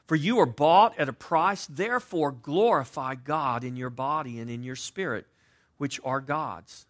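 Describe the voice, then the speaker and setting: A man preaching a sermon as pastor, with dynamic delivery that moves between loud emphasis and quiet, conversational asides. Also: on the high side. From United States.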